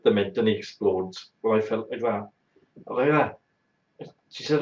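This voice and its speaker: A man's voice: fairly low pitch, lively intonation, normal speed, long pauses. A man hosting a talk show, telling a blunt, exaggerated, bawdy comic anecdote. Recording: roomy, dull lo-fi sound.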